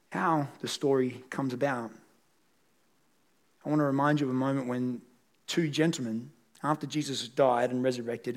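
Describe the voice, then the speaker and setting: A man preaching a sermon as pastor, speaking earnestly and directly to his congregation in a church service. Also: medium pitch. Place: church service in a large room.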